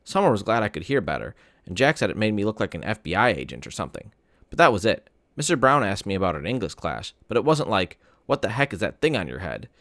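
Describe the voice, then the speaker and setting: A man, a teacher, reading a novel aloud to his students in an expressive, animated storytelling way. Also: fairly low pitch, fast talker, creaky, dry recording, studio quality.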